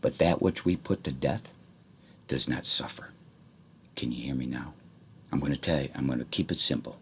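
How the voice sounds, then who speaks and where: A man talking straight to his viewers in a rambling, profane monologue that swings from low muttering to shouting. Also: moderate pace, a little hiss or hum. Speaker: vlogger.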